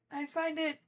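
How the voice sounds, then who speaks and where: A woman streamer at home, chatting casually during a live stream and cooing baby talk to her cat. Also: high-pitched.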